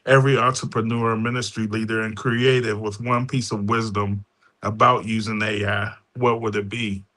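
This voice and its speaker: A man hosting an interview, asking questions in a slow, measured way. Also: lowish voice, level tone, bright, forceful tone. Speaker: host.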